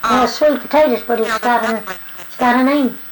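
A woman's voice: fairly high pitch, normal speed. A woman answering interview questions in a plain-spoken, hesitant way, with restarts. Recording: hissy old tape recording.

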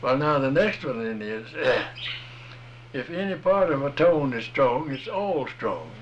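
A man's voice: medium pitch, sing-song, a little slow, a little hiss or hum. A man in a casual recorded conversation, explaining rhythm and accents in a plain-spoken, folksy, patient way. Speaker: music teacher explaining rhythm.

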